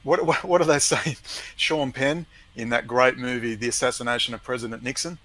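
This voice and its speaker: A man's voice: mid-range voice, steady tone, brisk, fairly bright tone, rough recording. A man ranting emphatically and scornfully in a heated conversation, with many restarts.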